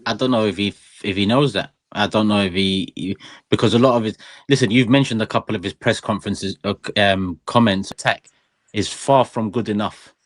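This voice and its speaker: A man's voice: on the low side, brisk, no echo. A man on a football fan panel sounding exasperated and sarcastic. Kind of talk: heated panel talk.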